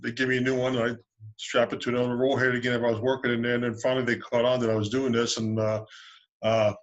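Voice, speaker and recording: A man's voice: mid-range voice, level tone, quick pace, highs cut off. Older man, casual storyteller, filler-heavy, easygoing, video call audio. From United States. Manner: rambling, good-humored anecdotes with many fillers. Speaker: submarine veteran and loan officer.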